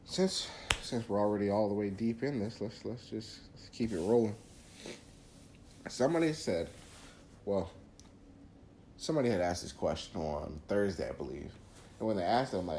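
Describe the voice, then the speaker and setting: Deep mellow guy on his podcast, earnest churchy advice, faint hiss behind. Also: animated, moderate pace, pauses often, roomy sound. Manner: earnest, preachy, restarts phrases. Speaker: podcast host. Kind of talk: casual faith talk, monologue.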